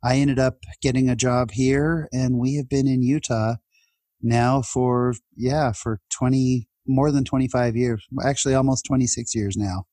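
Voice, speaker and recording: Husky animated middle-aged storyteller man. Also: medium pitch, measured pace, no room sound. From California. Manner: animated, voice jumps up when excited. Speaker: guest telling a personal story. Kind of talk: conversational storytelling.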